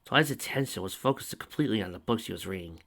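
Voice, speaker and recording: A man reading a fan fiction story aloud at a steady, even pace. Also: fairly low pitch, fast talker. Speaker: story reader.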